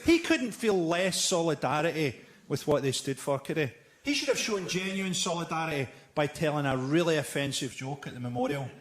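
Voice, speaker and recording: A Scottish man doing a stand-up comedy set on a live stage, delivering dark jokes in a dry, deadpan way. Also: fairly high pitch, fairly quick. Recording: live show with loud ambient noise.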